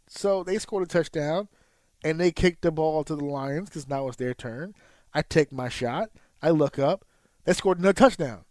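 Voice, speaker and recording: A man's voice: fairly high pitch, normal speed, darkish tone, dry recording. A man co-hosting a podcast, telling a casual, profane story and acting out his own reactions. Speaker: podcast co-host. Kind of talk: casual chat.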